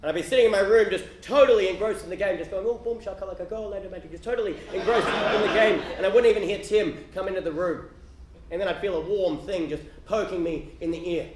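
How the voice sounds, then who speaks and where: An Australian man doing live stand-up comedy, profane and incredulous, often shouting to the audience. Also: sits high, fast talker. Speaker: stand-up storyteller. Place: stage before a live audience. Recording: roomy live venue, loud crowd noise.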